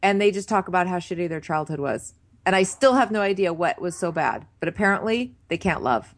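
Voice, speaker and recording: A woman's voice: fairly low pitch, animated, a little fast. A woman co-hosting a casual comedy chat, teasing in a wry, dry way. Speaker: podcast co-host.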